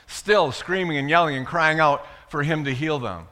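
A man preaching a sermon, retelling a Bible story with dramatic swings between loud and hushed delivery. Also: fairly high pitch, moderate pace.

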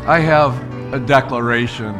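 A man's voice: medium pitch, normal speed, over music. A man pastor preaching a sermon in a church, fervently urging the congregation to praise. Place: church sanctuary.

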